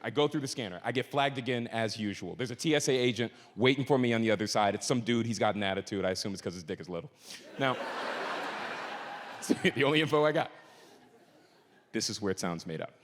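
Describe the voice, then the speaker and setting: A man doing stand-up, telling a story and swinging from low mutters to high shouted outbursts on a stage mic. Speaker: stand-up comedian. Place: comedy stage in a large hall. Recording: live hall with reverb and faint noise.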